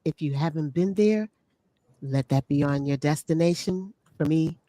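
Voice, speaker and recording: A woman's voice: low-pitched, moderate pace, very noisy. A woman co-hosting a casual talk show, giving chatty, emphatic opinions about travel. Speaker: co-host. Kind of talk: casual travel review chat. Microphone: streamed call.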